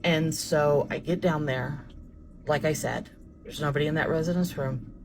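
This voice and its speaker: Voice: mid-range voice, fairly even intonation, moderate pace, background noise. Nurse recounting a creepy encounter. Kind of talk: casual storytime. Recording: music bed under voice. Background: background music.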